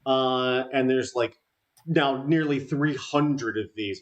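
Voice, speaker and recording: A man narrating as game master for a tabletop game, halting and full of fillers. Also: medium pitch, fairly even intonation.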